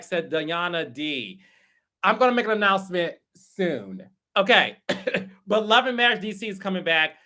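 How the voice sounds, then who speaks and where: Guy hosting a live chat, bright voice, takes his time, shouts out viewers. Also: high voice. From Texas. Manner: chatty, greets viewers by name. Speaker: host. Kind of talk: casual livestream chat.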